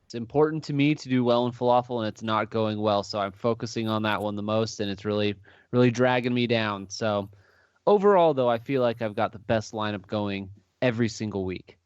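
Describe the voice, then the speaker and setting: A man co-hosts a podcast, explaining his opinions earnestly in long, steady stretches. His voice comes through a dry, slightly dull microphone with no room sound. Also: lowish voice, fairly quick, clear, resonant tone, no room sound. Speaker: podcast co-host. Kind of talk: casual podcast chat.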